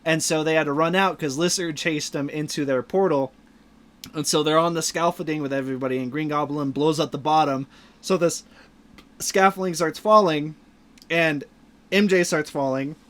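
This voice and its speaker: A man's voice: on the high side, moderate pace, fairly bright tone. A man hosting a casual podcast movie review, retelling scenes animatedly with lots of fillers. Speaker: podcast host.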